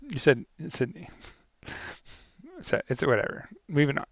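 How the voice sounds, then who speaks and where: Chatty man with a gravelly voice. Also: fairly high pitch, expressive, a little slow, highs cut off. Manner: chatty, laughs often, many fillers. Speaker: co-commentator. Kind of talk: casual card game commentary.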